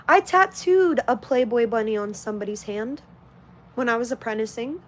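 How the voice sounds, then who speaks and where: A woman in her late twenties, her voice on the high side at a normal pace, chats casually on a livestream. She reads out comments bluntly and with heavy profanity.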